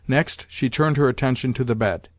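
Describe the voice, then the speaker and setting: A man reading a classic novel aloud as an audiobook narrator in a measured, even manner. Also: mid-range voice, dry recording, clean studio sound.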